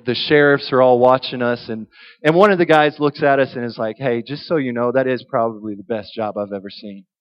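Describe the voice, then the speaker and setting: A man preaching a sermon, telling a humorous story in an animated way. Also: fairly high pitch, clean tone, poor audio.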